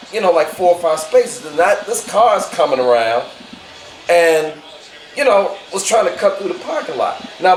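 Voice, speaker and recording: Guy explaining a story slow with lots of "you know", a bit high, echoey room, faint noise. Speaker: family member telling a story. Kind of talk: casual storytelling.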